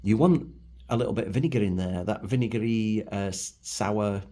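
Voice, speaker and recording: Husky, low-voiced Manchester man rambling. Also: brisk, dark tone. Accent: Manchester English. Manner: rambling, chatty, self-deprecating. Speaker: food vlogger. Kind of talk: casual food review vlog. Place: home, at a table.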